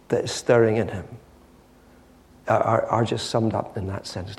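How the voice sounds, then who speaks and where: A man preaching a sermon, retelling a story with lively, dramatic storytelling. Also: lowish voice, normal speed, creaky, long reverb tail. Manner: animated storytelling, acting out the scene.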